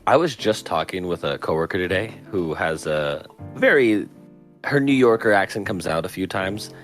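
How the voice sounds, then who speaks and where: A man's voice: deep voice, lively intonation, moderate pace, fairly bright tone, soft background music. A man co-hosting a podcast, chatting casually, teasing his friend and laughing often. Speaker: podcast co-host. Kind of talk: casual chat.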